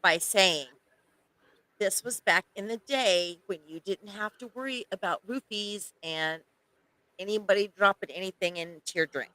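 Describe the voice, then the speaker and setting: A woman's voice: mid-range voice, unhurried, pushed and bright, dry recording, rough recording. A woman co-hosting a casual podcast, telling a bar story with wry, teasing remarks. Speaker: podcast co-host.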